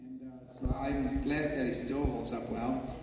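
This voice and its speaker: A man's voice: mid-range voice, fairly even intonation, unhurried. Chatty man in an echoey hall. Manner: chatty, laughs often, many fillers. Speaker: actor guest. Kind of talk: casual storytelling interview. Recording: echoey hall from far off, noisy.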